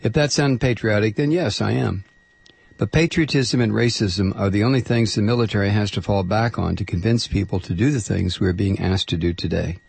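A man's voice: low-pitched, creaky, darkish tone, breathy edge, dry recording. A man hosting talk radio, reading quotes aloud and commenting with frequent hesitant fillers. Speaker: radio host.

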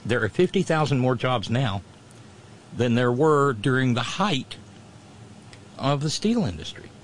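A man's voice: mid-range voice, very animated, a little slow, a little hiss or hum. A man hosting his own radio show, talking to listeners in a loose, rambling monologue full of restarts and fillers.

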